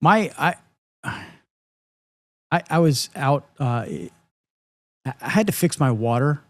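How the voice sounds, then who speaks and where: A man with a fairly high voice that swings widely in pitch tells stories on a podcast. He is expressive and laughs often, imitating sounds as he goes. The sound is dry and close. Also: slow pace, dry recording. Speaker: podcast co-host. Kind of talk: casual storytelling chat.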